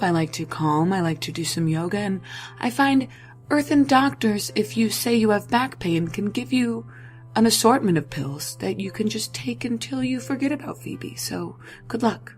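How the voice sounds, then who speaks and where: A woman's voice: mid-range voice, natural voice. A woman playing a volatile self-absorbed advice host. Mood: serene. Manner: dramatic, swings from soothing to shouting. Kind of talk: comedy sketch acting.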